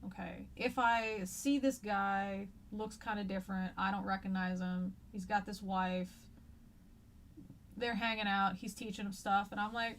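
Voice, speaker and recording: A woman's voice: medium pitch, steady tone, a little slow, a little hiss or hum. A woman teacher giving a casual, chatty lecture, paraphrasing old texts in slangy everyday words.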